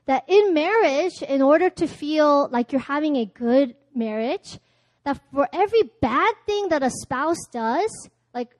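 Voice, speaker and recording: High-voiced woman preaching a sermon. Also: dry recording. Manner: storytelling, acting out dialogue, laughing often. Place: church.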